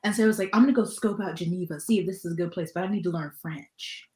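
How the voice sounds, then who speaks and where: A woman's voice: fairly low pitch, quick pace, dark tone. A woman in casual chat on a book club stream, rambling and laughing, with a lot of "like" in her speech. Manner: chatty, lots of "like" and laughter. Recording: roomy echo.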